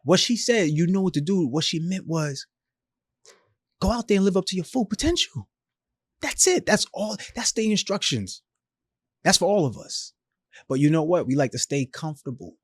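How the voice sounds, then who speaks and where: A man in his thirties tells his story on a podcast, speaking casually and with emphatic, slangy energy. His voice sits a little high for a man. The sound is dry and close. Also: very animated, moderate pace, long pauses, husky, dry recording. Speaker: podcast guest.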